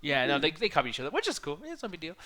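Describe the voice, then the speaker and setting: A man co-hosting a casual video-call chat, excitable, swearing and laughing often. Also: on the high side, racing, over a noisy crowd. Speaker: co-host.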